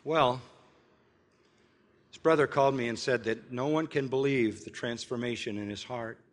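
An older man preaching a sermon, telling a personal story in an earnest way and slowly spelling words out letter by letter. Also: medium pitch, in a large hall. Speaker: pastor.

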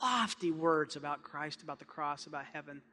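A male pastor preaching a sermon with passion, dropping to hushed tones and then building up loud. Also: on the high side, normal speed. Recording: long hall reverb.

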